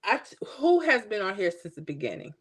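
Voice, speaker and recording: A woman's voice: mid-range voice, sing-song, brisk, husky. A middle-aged woman from Florida hosting a livestream, telling stories in a chatty way and talking to viewers by name. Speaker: livestream host. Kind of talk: casual livestream chat.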